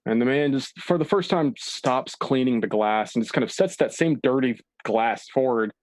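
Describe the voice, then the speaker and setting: A man narrating as dungeon master in a tabletop game, with relaxed, descriptive storytelling and filler words. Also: medium pitch, normal speed, no room sound.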